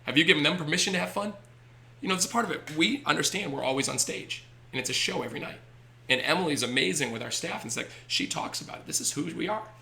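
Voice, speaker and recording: A man's voice: fairly high pitch, gravelly. A man, a baseball team owner, telling stories animatedly on a podcast. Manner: animated, acts out voices in anecdotes. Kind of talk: energetic storytelling on a podcast.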